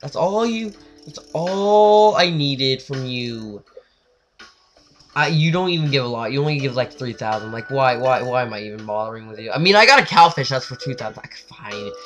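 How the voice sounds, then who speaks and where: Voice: mid-range voice, normal speed. A gamer giving let's play commentary, talking in a frustrated, dramatic way and scolding the fish in the game. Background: faint game music.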